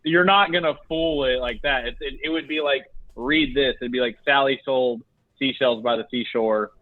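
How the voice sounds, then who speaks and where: A man's voice: medium pitch, normal speed, dry recording. A young man co-hosting a casual podcast, telling rambling stories and laughing as he talks. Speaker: podcast co-host. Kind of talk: casual chat. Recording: dry, tinny phone-like sound.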